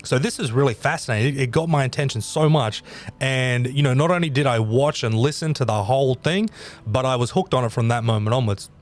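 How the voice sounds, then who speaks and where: A man's voice: mid-range voice, a little fast. Rambling male storyteller. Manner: rambling, lots of fillers and emphatic repeats. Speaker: podcast host. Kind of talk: casual storytelling.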